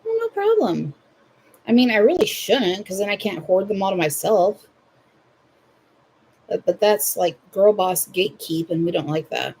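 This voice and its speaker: A woman's voice: mid-range voice, moderate pace, gravelly, a little mellow, breathy edge. Chatty Southern woman crocheting live. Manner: chatty and playful, addresses viewers directly. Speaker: livestream host. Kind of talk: casual chat while crocheting.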